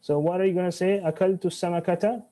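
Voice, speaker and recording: A man's voice: high voice, fairly even intonation, very fast, dark tone. A man teaching Arabic grammar in an online class, switching between English and Arabic, restarting phrases and quizzing his students.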